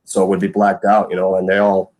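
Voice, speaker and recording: A man's voice: low-pitched, completely flat delivery, a little fast, darkish tone. A man in his thirties, a former punter guesting on a podcast, telling stories in a rambling way full of fillers and quoted lines. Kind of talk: casual storytelling chat.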